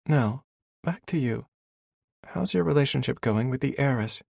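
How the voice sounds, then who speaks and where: Brief: a man doing a blunt young mother, teasing, voice raised high, a bit husky. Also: animated, normal speed, a little mellow, dry recording, studio quality.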